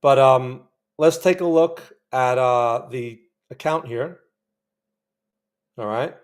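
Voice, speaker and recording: A man's voice: mid-range voice, slow pace. A man hosting a live day-trading stream, talking viewers through his trades and reacting emotionally as the chart moves. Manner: chatty, keeps asking viewers to remember. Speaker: trading channel host.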